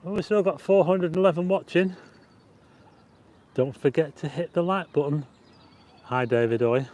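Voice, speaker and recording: A man livestreams a walking vlog through a city park, talking into a plug-in mic on a phone mounted on a stabilizer. His voice is a little high and a little mellow, and he keeps a moderate pace. He rambles chattily, greets viewers and reads their chat aloud.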